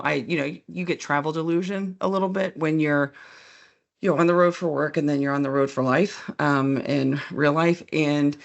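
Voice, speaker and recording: A middle-aged woman co-hosting a podcast, telling stories in a lively casual chat and laughing often. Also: low-pitched, gravelly, dull audio. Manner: animated storyteller, laughs often. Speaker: podcast co-host.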